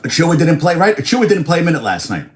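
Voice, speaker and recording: A man hosting a casual solo sports show, rambling excitably and repeating himself. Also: fairly high pitch, fast talker. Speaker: sports talk host.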